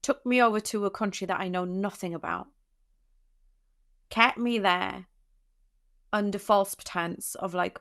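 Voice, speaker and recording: A woman's voice: medium pitch, fairly even intonation, unhurried, gravelly, long pauses, fairly bright tone. A young adult woman, a podcast guest, tells a personal story in an emotional way, teary at times, with many restarts and fillers.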